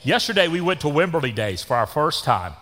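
A Texan pastor in his sixties preaches in a church with a long, ringing reverb. His voice is fairly high for a man and swings widely up and down. He keeps a folksy, joking tone full of down-home sayings. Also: big pitch swings, brisk, fairly bright tone. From Texas. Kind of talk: sermon. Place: church sanctuary.

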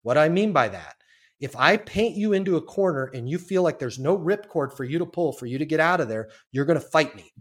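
A man's voice: a little high, lively intonation, a little fast. A man talking as a sales trainer on a podcast, emphatic and casual, acting out sales calls and swearing now and then. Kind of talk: energetic podcast coaching.

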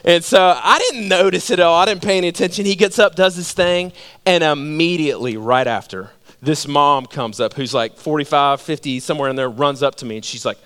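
A male pastor delivers a sermon with a notably high-pitched voice. He tells stories in an animated way and keeps drawing listeners in with rhetorical questions. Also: brisk, clear, resonant tone.

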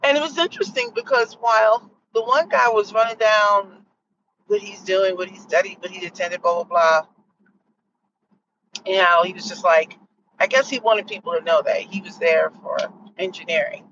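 A woman's voice: mid-range voice, normal speed, a little hiss or hum. Middle-aged woman host, distant muffled mic. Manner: animated, acts out others' lines with laughs. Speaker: podcast host. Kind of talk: casual storytelling monologue.

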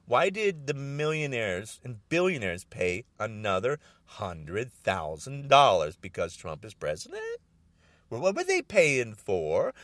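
A man's voice: on the high side, fairly bright tone, no echo. An older man in an angry, agitated political rant, repeating himself and stumbling over restarts.

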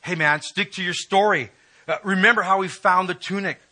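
A man acting out guilty brothers getting their cover story straight, hurried and conspiratorial. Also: high voice, sharp tone, voice pushed up, exaggerated voice. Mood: scheming.

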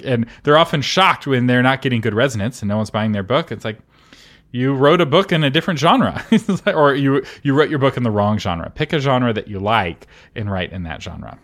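A man co-hosting a writing podcast, giving advice in a casual chat, emphatic with quick laughing asides. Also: mid-range voice, animated, a bit bright. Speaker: podcast co-host and author consultant.

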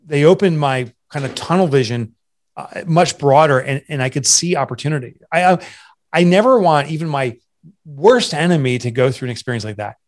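His voice is on the high side and moves at normal speed: a man in his forties, a guest entrepreneur and author, candidly telling his story in an interview. Earnest and confessional, he restarts often, and emotion sometimes chokes him up, making his voice catch.

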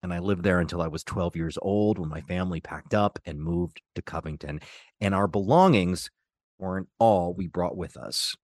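A podcast host in his forties tells his story in a very deep voice with a faded Kentucky accent. He talks in a personal, confessional way. The dry, close sound has no room echo. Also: normal speed. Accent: faded Kentucky Southern. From Louisville, Kentucky. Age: 40s. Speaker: host and journalist. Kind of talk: scripted podcast narration.

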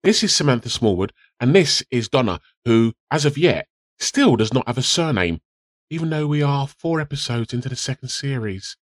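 A man's voice: mid-range voice, big pitch swings, moderate pace, no echo. A man in an amateur radio comedy sketch, playing an earnest, matter-of-fact leader of a treasure quest.

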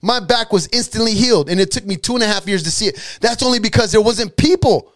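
High-voiced man preaching with emphatic repetition. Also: lively intonation, fast. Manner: emphatic repetition, rhetorical questions; colloquial, drops into dialect grammar. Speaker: preacher teaching on healing. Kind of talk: sermon.

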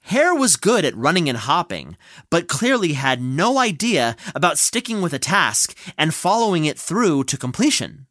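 A storyteller telling a fable in a gentle, playful way on a close, dry microphone. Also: mid-range voice, very animated, moderate pace, no room sound. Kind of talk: storytelling with banter.

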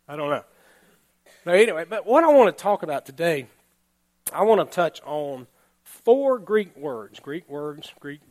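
A man pastor giving a relaxed, conversational sermon, laughing now and then and often checking in with the congregation. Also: a little high. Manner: chatty, laughing, keeps asking "all right?".

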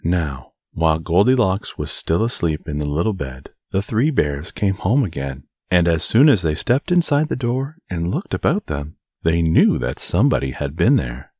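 A man narrating a bedtime fairy tale in an expressive, soothing read-aloud manner. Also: deep voice, normal speed, few pauses, no room sound, clean studio sound. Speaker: storyteller.

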